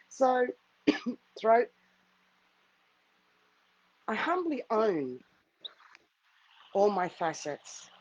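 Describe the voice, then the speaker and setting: A middle-aged spiritual healer hosting a live stream tells a personal story earnestly, repeating herself with emphasis. Her voice is on the high side, and the audio is poor.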